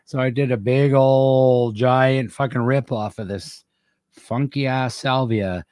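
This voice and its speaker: A man's voice: mid-range voice, fairly even intonation, slow, darkish tone, clean tone, dry recording. A man hosting a podcast, telling a wild story in casual, profane chat. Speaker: podcast host.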